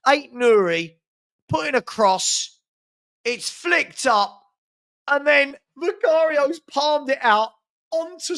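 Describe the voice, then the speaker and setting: A man hosts a fan watchalong, calling the match play by play. He talks slowly and drawls his words. He sounds sarcastic and fed up, and he laughs ruefully at his own team. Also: very high-pitched, gravelly, fairly bright tone. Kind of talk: live match commentary from a fan.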